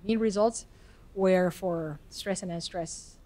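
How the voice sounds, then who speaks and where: A woman's voice: on the low side, takes it slowly, dark tone. A woman lecturer answering audience questions in a lecture hall, talking hesitantly with frequent restarts and "I mean" fillers. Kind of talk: academic Q&A answers.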